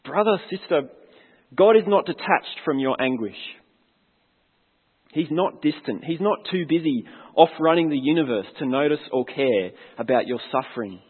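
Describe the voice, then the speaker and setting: A man's voice: on the high side, lively intonation, moderate pace, breathy edge. A man preaching a sermon as a pastor, earnest and reflective, putting questions to his congregation. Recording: long hall reverb, tinny phone-like sound.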